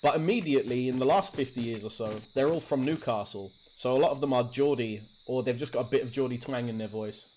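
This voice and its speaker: A man from Hackney in London giving casual, jokey commentary as he plays a video game, often laughing and getting excited. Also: medium pitch, fast, hardly any pauses, slight background noise. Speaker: let's play gamer. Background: game music.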